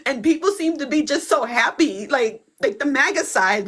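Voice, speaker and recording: A woman's voice: high-pitched, expressive, normal speed, few pauses, a bit bright. A woman calling in to a live stream who speaks in an emotional, pleading way. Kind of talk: casual live stream chat.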